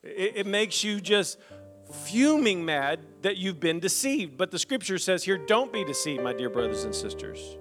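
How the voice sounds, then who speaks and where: A man preaching a lively sermon in a church. He reads scripture aloud and breaks into humorous asides to the congregation. A faint instrument plays softly behind him. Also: high-pitched, normal speed, faint music behind. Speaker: pastor.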